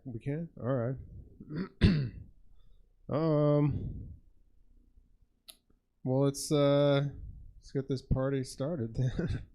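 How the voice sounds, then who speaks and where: A man headlining a stand-up show on a theater stage, working the crowd in a halting way and asking the audience questions. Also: medium pitch, a little mellow.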